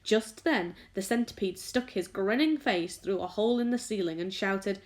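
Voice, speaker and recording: A woman teacher reading a children's book aloud with expressive storytelling. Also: mid-range voice, normal speed, few pauses.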